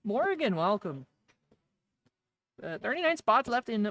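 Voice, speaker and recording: A woman's voice: fairly low pitch, expressive, normal speed. Woman hosting a card-break stream, easygoing and jokey, calling out viewers by name. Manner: greets viewers by name and jokes with chat. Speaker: livestream host opening trading card packs. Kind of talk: casual livestream chat.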